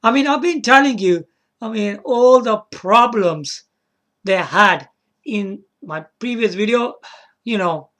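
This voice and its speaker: A man's voice: high voice, slow pace, fairly bright tone. A man casually talking through a solo video, rambling, repeating words and checking in with the viewer. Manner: chuckles to himself and apologizes. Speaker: video game vlogger.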